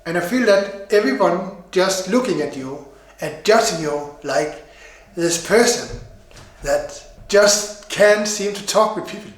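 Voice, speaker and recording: A man voicing a calm male friend who patiently encourages and guides, in a storytelling reading. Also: high voice, echoey room, low-quality recording. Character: calm, reassuring male old school friend.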